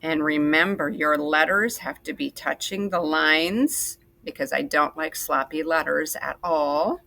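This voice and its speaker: A woman's voice: low-pitched, creaky, bright, forceful tone. A woman teacher leading a writing lesson for second graders, patient and sing-song as she walks them through each step. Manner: slow, patient, sing-song teacher talk to young kids. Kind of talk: recorded classroom lesson for children.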